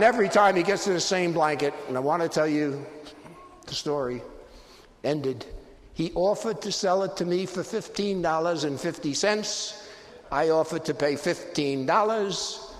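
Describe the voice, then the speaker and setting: An older man giving a live presentation on negotiation, telling humorous anecdotes with wry punchlines. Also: on the high side. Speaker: guest speaker on negotiation. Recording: hall reverb with faint background noise.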